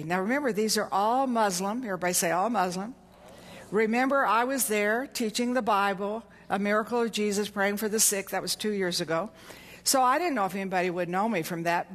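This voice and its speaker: Woman preacher, sermon, call-and-response, animated storyteller, long hall reverb. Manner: animated storytelling, voice jumps high for quoted cries.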